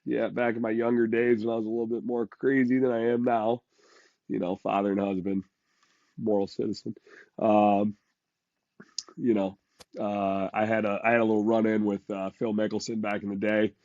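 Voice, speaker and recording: A man's voice: lowish voice, flat delivery, darkish tone, no echo, dull audio. Stuffy-voiced man on a casual podcast. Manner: halting, many fillers and restarts. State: congested from a cold. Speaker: podcast co-host. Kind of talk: casual chat.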